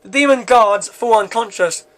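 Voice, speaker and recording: A man's voice: high-pitched, moderate pace. A man reading aloud his own script as narrator, with frequent stumbles and restarts. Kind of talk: script read-through narration.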